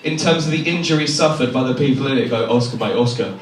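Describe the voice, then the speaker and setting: This young man from England talks fast in a higher-pitched voice during his stand-up set, poking fun at himself and voicing the people in his stories. Laughter fills the venue, and the recording is far-off, echoey and noisy.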